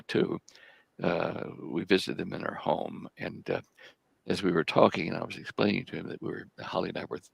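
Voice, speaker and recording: An older man telling a story as a talk-show guest, his voice very low and heavily gravelly. He speaks in a halting way and often repeats a word before he moves on. The sound is close and dry. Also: no echo. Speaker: guest researcher.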